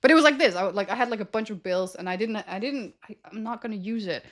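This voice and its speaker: A woman's voice: medium pitch, fast talker, a bit bright. A young adult woman livestreamer telling stories to her chat in a rambling, slangy way, often correcting herself mid-sentence. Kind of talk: casual storytelling to stream chat.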